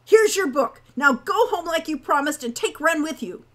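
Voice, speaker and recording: A woman's voice: fairly high pitch, animated, normal speed, lightly acted. A woman voicing a hot-tempered young man, a protective older brother who scolds in exasperation. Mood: angry.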